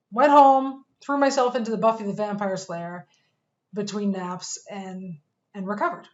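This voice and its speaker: A woman teaching a course for fitness coaches, telling a personal story in an earnest, measured way with pauses. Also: medium pitch, muffled recording.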